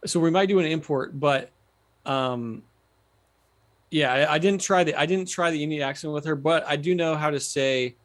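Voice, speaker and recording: A man's voice: on the high side, normal speed. A man in his thirties, a guest author chatting casually with frequent restarts. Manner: chatty, full of restarts and laughter. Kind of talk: casual chat.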